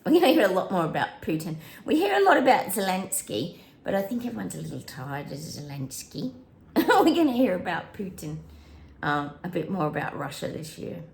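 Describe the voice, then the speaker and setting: A woman's voice: lowish voice, very animated, fairly quick, vocal fry, roomy sound. A woman hosting a psychic prediction channel, chatting casually to viewers, breaking into bits of song and laughing often.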